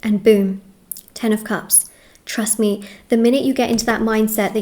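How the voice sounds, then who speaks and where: Brief: young woman, tarot reader, slightly high voice, reassuring, emphatic, repeats herself. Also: steady tone, normal speed, noisy background. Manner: reassuring, emphatic, repeats words, says "okay?" often. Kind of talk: tarot reading addressed to viewers.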